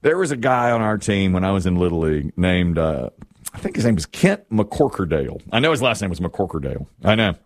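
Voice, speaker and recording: Lively male sports talk host. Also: low voice, fairly quick, no room sound, studio quality. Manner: animated storyteller, laughs, mimics others. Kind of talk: casual sports chat.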